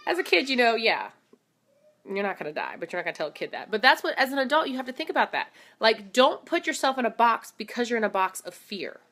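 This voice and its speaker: Upbeat, higher-pitched woman in her thirties. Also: fast talker. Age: 30s. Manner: animated, enthusiastic, addresses viewers as "guys". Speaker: motivational vlogger. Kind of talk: casual motivational talk to camera.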